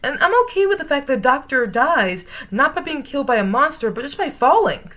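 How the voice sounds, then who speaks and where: An American woman giving a casual, opinionated fan review in an animated, emphatic way. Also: high-pitched, brisk. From United States.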